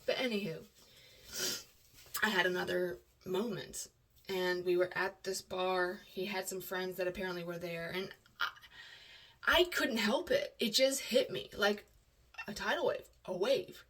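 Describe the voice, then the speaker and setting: A woman's voice: fairly low pitch, measured pace, pauses often, a bit bright, distant mic. Emotional woman telling a rambling story. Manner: emotional, rambling, restarts often. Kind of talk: candid personal storytelling.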